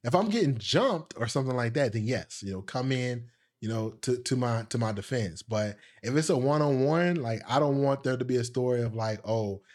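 This young man's voice is expressive and darkish, at normal speed, as he tells a casual story on his podcast. Rambling and filler-heavy, he laughs at himself and acts out the people he quotes in a raised, higher voice.

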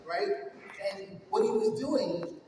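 A man from New York delivering an energetic motivational keynote speech, telling his life story and addressing the audience directly. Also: very high-pitched, slow. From New York, USA. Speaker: keynote speaker. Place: large hall with stage. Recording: echoey hall, far from mic, faint noise.

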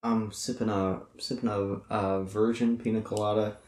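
A man's voice: lowish voice, flat delivery, moderate pace, darkish tone, echoey room. Laid-back man playing a tabletop game. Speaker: player.

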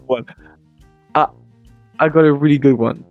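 A podcast co-host delivering one-liners in a dry, deadpan way. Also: medium pitch, normal speed, dry recording, narrow, tinny audio, soft background music. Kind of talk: casual podcast chat.

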